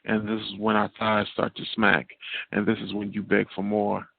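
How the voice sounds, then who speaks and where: Gravelly-voiced man on a tinny phone line. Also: lowish voice, monotone, moderate pace, slight background noise. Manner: rhythmic, repetitive cadence. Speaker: guest poet. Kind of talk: spoken word performance. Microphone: phone call.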